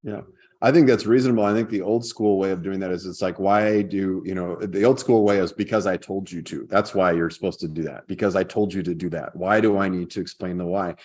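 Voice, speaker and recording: A man's voice: low voice, brisk. A man hosting a podcast in casual chat, telling stories and acting out quoted lines with energy. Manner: storytelling, animated when quoting. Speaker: podcast host.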